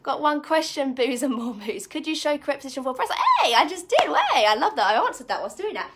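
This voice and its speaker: A woman's voice: high-pitched, sing-song, fast, roomy sound, far from the mic, noisy background. A woman coaching a live online workout class, chatty and encouraging, a bit out of breath as she demonstrates the moves. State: slightly out of breath. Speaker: fitness coach.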